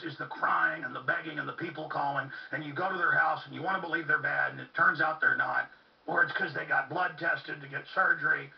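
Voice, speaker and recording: Fervent gravelly man ranting from afar. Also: a little high. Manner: fervent, ranting, with urgent repetition. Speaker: talk radio host. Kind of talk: impassioned monologue. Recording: muffled, distant, lo-fi recording.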